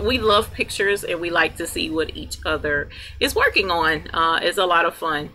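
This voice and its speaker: Woman host, chatty live-stream greeter, laughs a lot, embroidery machine humming loudly behind her. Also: fairly low pitch. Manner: chatty, greets viewers by name, laughs often. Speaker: livestream host. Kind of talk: casual live chat with viewers. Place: workroom with embroidery machine running. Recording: clear machine hum behind voice. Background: embroidery machine noise.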